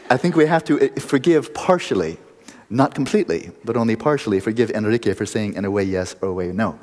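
A man's voice: on the low side, expressive, fast talker, a little mellow, big-room sound, slight background noise. A man giving a meditation retreat lecture, playful and teasing, telling stories and laughing often. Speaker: meditation teacher.

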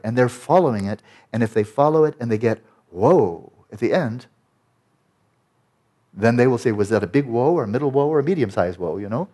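A man's voice: medium pitch, a little mellow. A man teaching about meditation in an emphatic, explanatory lecture style, often checking in with "right?".

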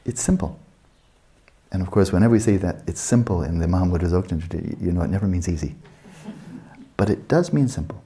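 A man guiding a meditation session as a teacher, unhurried and questioning, often checking in with his listeners. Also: low voice, animated, warm tone.

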